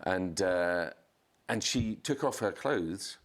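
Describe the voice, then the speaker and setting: A man, a podcast guest, telling a chaotic anecdote in casual chat, swearing and jumping up in pitch to act out quotes. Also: slow pace. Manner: animated storyteller, swears, acts out quotes in a raised voice.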